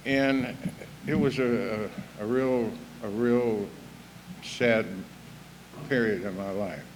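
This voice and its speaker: A man's voice: mid-range voice, fairly even intonation, slow. An older man gives a personal recovery talk in a plain, down-to-earth voice. His storytelling is folksy and earthy, with a "you know" here and there. He speaks to a meeting hall, with a faint room hum behind him. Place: evening recovery meeting hall, live audience.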